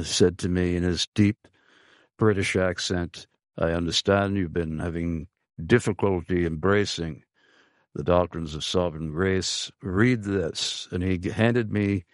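A man hosting a radio interview show, speaking in an earnest, halting way with frequent pauses. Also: sits low, no echo, studio quality. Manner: slow, earnest, halting with many uhs.

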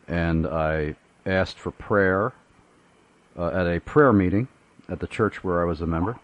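A man's voice: low voice, darkish tone. A man hosting a radio talk show, telling a personal story with frequent hesitations and chuckles.

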